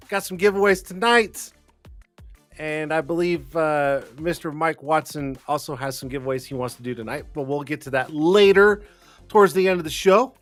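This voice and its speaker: A man hosting a casual live-stream talk show, rambling and excitable, swearing freely. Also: fairly high pitch, dry recording. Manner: rambling, profane and excitable, with frequent restarts and laughs. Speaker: livestream talk show host.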